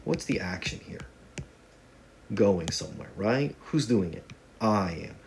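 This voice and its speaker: A man with a somewhat low voice runs a casual video lesson on Spanish grammar. He talks to the class in a conversational, joking way, full of playful asides. A faint hum of room noise sits behind him. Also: expressive, unhurried, gravelly. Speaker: Spanish teacher.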